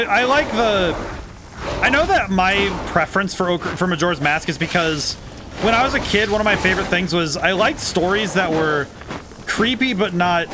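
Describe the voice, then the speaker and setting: A game designer streams gameplay with casual livestream commentary, musing thoughtfully and rambling, often correcting himself mid-sentence. His voice is high, with a noisy background.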